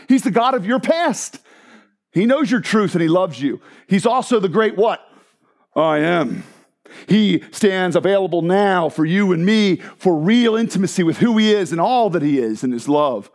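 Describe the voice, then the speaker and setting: A male pastor delivers a sermon with a slightly higher voice. He shifts from loud, emphatic proclamation to quiet, hushed passages and talks to his listeners in an excited, conversational way. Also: moderate pace. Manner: excited, conversational preaching with asides to the congregation.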